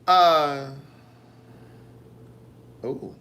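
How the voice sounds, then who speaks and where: A man hosting a casual live stream, reading viewer comments with sassy, animated storytelling. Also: fairly high pitch, moderate pace.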